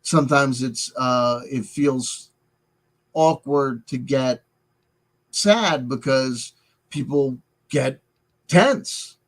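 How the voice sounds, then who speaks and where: A middle-aged man talking through a personal confession in a halting, rambling way, full of restarts and filler words, wearing headphones. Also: medium pitch, rough recording. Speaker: vlogger. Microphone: headset headphones.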